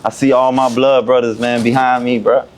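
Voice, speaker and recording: A man's voice: medium pitch, little pitch movement, fairly quick, a little hiss or hum. A young man guesting on a podcast, telling a prison story in heavy street slang and acting out the other people's lines. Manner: profane street slang, acts out quoted voices. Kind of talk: animated storytelling.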